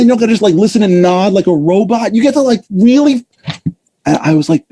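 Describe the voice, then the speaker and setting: A middle-aged man giving a lively motivational talk, full of casual fillers and acted-out voices. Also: high-pitched, a little fast. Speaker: speaker.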